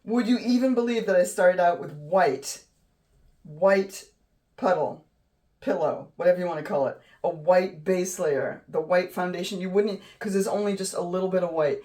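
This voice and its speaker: Lady art vlogger raving over her painting, lowish voice, mic kinda far away. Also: moderate pace. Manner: gushing, excitable, trails off mid-sentence. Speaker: art channel host. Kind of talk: casual painting tutorial chat. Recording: voice a bit distant from the mic.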